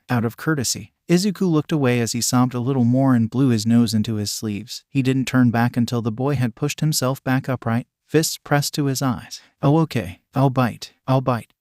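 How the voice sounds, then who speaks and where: A man narrating fan fiction in a steady, plain reading voice. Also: mid-range voice, dry recording, studio quality.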